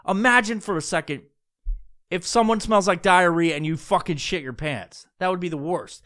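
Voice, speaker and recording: A man rants for laughs in a loose, profane, rambling way, hopping from bit to bit. His voice sits high and bright, with a smooth, crisp sound. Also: normal speed. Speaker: podcast host. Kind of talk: comedic rant.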